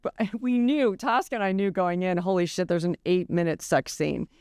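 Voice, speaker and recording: Older woman author, animated and candid, swears a lot, smooth clear voice, dry close sound. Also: on the low side, moderate pace, no echo. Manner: animated, candid, swears freely, laughs at herself. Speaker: novelist guest. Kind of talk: casual interview chat.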